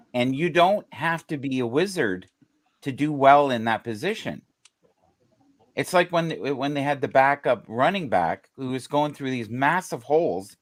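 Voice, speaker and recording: Animated man talking football. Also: medium pitch, moderate pace. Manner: animated, swears, jokey asides. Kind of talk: casual sports chat.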